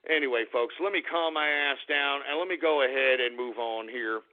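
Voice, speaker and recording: A man hosting a radio show, delivering an angry, profane rant with shouting, then apologizing and calming himself down. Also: medium pitch, brisk. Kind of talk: ranting talk radio monologue. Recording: tinny phone-like radio broadcast.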